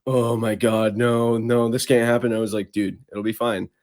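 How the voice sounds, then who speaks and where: A young man, a podcast guest, chatting casually, laid-back and profane, slowing down for emphasis. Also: mid-range voice, little pitch movement, darkish tone. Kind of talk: casual chat.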